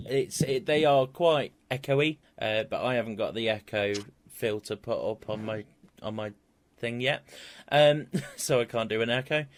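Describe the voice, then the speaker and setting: A man narrating a tabletop game as game master, stumbling over fillers and repeated words. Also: medium pitch.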